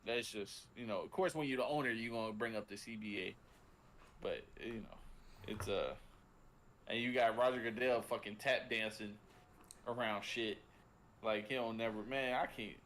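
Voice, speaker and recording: A man's voice: lowish voice, normal speed, fairly bright tone, a little hiss or hum. A man co-hosting a sports podcast, talking casually with many restarts and fillers, sometimes swearing. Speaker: podcast co-host.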